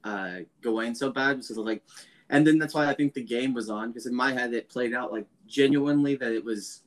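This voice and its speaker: A man's voice: medium pitch, fast talker. A man co-hosting a podcast, casually sharing his take on a film with jokes along the way. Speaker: podcast co-host.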